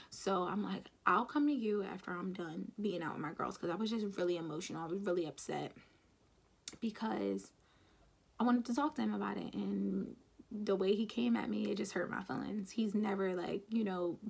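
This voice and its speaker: Young woman vlogger, casual frank storytelling, gravelly fry, husky edge. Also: medium pitch, brisk. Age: young adult. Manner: chatty, frank, quotes others in passing.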